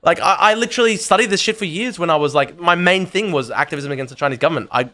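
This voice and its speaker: Fast, animated Australian man. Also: on the high side. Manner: rapid, animated, full of restarts and "like" fillers. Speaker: guest debater. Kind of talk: casual live-streamed debate.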